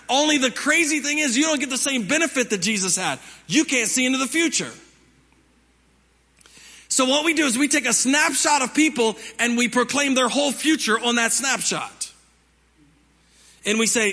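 Guy pastor preaching, bright kinda husky voice, asks the crowd stuff, big echoey church. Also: very high-pitched. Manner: conversational preaching with rhetorical questions. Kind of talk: sermon. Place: church sanctuary.

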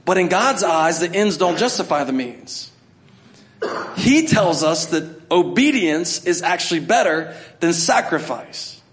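A man's voice: a little high, very animated, measured pace. A middle-aged man preaching a sermon to his church, talking conversationally and acting out scenes. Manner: conversational preaching, acts out voices, builds to shouting. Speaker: pastor.

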